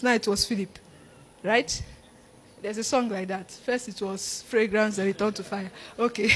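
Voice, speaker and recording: High-voiced woman preaching. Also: breathy edge. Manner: animated, laughing often, acting out quoted disciples. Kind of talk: sermon.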